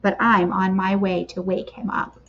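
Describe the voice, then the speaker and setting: A woman voicing Jesus as a calm, kind man in a children's storybook reading, in a gentle, steady manner. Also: mid-range voice, normal speed, vocal fry. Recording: slightly dull lo-fi recording.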